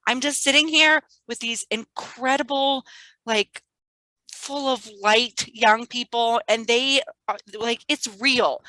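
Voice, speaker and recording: Bright, lively woman telling a story. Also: on the high side, slow, no room sound, rough recording. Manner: animated storyteller, laughs often. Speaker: guest art and STEAM teacher. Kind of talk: casual interview chat.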